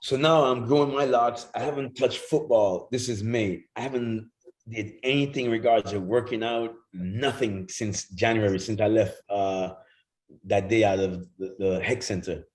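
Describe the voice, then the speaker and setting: A middle-aged man, a guest telling animated stories in casual chat and acting out other voices. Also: lowish voice, normal speed. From Jamaica. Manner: animated, acts out quoted voices, swears freely.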